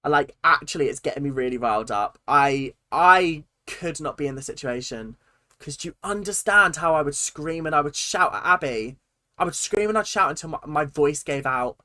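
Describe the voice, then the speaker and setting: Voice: medium pitch, expressive, normal speed, pushed and bright, no echo, clean studio sound. A host ranting indignantly while reacting to a TV show, in heated, fired-up commentary.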